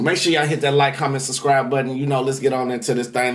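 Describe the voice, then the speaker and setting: A man's voice: medium pitch, flat delivery, fast, few pauses. A man giving a tarot reading, leading prayer and guided breathing in a preachy, repetitive way. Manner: preachy, repetitive, calls out to viewers. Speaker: tarot reader. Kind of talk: spiritual reading with guided meditation.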